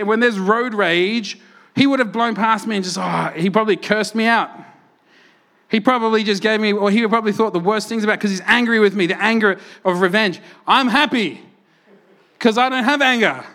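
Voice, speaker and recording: A man preaching a sermon, telling stories and acting out quotes with lively energy. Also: high-pitched. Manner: animated storytelling, acts out quotes loudly. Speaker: pastor.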